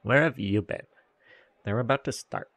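A man voicing a haughty, boastful young female actress in a video game, in a low, gravelly voice close to his own. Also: normal speed, a bit bright, no room sound, natural voice.

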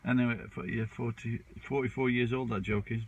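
A man in his fifties talks loosely to his viewers, starting sentences over and trailing off as he goes. His voice sits at an ordinary middle pitch, and he keeps a self-mocking tone. A faint hiss runs underneath. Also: fairly even intonation, brisk, highs cut off. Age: 50s. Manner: rambling, with frequent restarts and fillers. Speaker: vlogger. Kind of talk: casual chat to camera.

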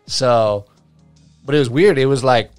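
Unlike the others, this medium-pitched man speaks unhurriedly, in a dry recording with soft background music. A tattoo artist guest in his thirties, he casually tells his story as an animated narrator, acting out quotes and using many fillers.

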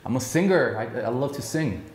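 A man in his thirties answering rapid-fire questions, upbeat and emphatic, with frequent filler sounds. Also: mid-range voice, lively intonation, a little mellow, echoey room, a little hiss or hum. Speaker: real estate broker interviewee.

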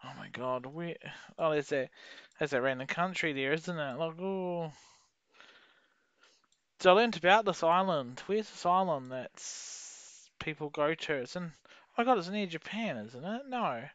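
A young man giving rambling, sweary commentary while playing a geography game, with sudden excited outbursts. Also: a little high, normal speed, dry recording. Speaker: gaming YouTuber. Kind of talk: casual gameplay commentary.

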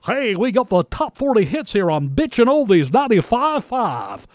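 A cheesy old-school radio announcer, as a man puts him on, booming out every line in a raised, bright carnival-barker voice. His pitch climbs well above a normal speaking level, and he projects loudly and showily. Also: very animated, normal speed, no echo, studio quality. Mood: chipper.

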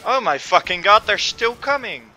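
A man's voice: high voice, expressive, moderate pace, bright, forceful tone. A man commentating on his own gameplay, frustrated and swearing constantly. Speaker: gamer. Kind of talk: let's play commentary.

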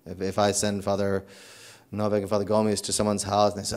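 A priest with a fairly low voice preaches a sermon at a quick pace, earnest and animated as he tells stories and acts out quotes. He restarts often and repeats words.

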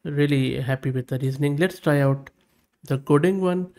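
Man walking through a software test. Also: fairly high pitch, moderate pace. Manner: thinks aloud while testing, reads prompts and outputs aloud; upbeat, plain-spoken verdicts. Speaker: tech channel host. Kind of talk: screen-recorded software tutorial.

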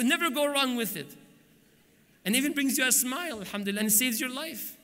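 Animated male preacher in a reverberant hall. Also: extremely high pitch, fairly quick. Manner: lively storytelling, acts out dialogues with humor. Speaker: Islamic preacher. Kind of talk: conference lecture. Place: large conference hall.

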